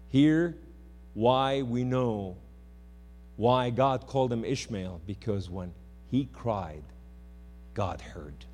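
A man preaching a sermon in church, impassioned, swinging between loud outbursts and hushed words. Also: medium pitch, takes it slowly, pauses often. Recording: hum in a reverberant hall.

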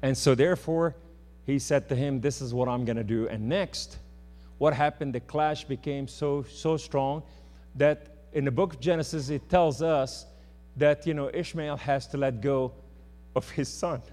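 A man preaching a sermon in church, impassioned, swinging between loud outbursts and hushed words. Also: on the high side, fairly even intonation, measured pace. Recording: hum in a reverberant hall.

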